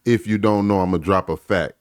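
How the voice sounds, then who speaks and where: A man's voice: low-pitched, fairly even intonation, brisk, clear, resonant tone, no echo, clean studio sound. A man hosting a reaction channel, talking in a laid-back, slangy, conversational way. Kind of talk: casual reaction commentary.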